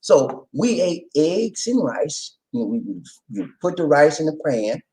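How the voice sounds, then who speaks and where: A man's voice: fairly high pitch, big pitch swings, unhurried, mellow, rough recording. A middle-aged man from South Carolina with a Southern accent, hosting a casual livestream and greeting viewers with playful laughter. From Charleston, South Carolina. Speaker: livestream host.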